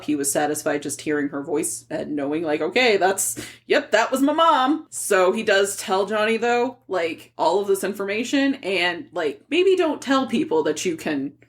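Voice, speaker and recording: Young woman podcaster summarizing a novel, lowish voice, super casual, lots of likes. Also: moderate pace, few pauses. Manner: chatty recap, frequent "like" fillers, swears casually. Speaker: podcast co-host. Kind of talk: casual book-discussion podcast.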